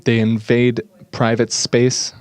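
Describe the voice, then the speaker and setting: A man giving an earnest, slightly halting English voice-over interpretation of speakers at a conference. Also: medium pitch, completely flat delivery, clear, resonant tone, no echo.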